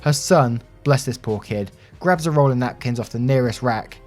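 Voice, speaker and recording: A man reading Reddit stories aloud in an expressive, animated narration. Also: medium pitch, normal speed. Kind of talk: scripted story narration. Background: soft background music.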